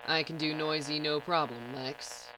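A woman's voice: low-pitched, a little slow, noisy background. Vrouw die een vlakke, uitdrukkingsloze cyborgman speelt. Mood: deadpan. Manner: flat, deadpan monotone. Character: flat-voiced cyborg man with synthesized voice.

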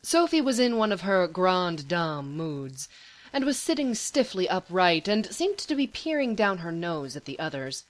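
Expressive woman reading a story. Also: on the low side, moderate pace. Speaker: podfic reader. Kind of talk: storybook narration.

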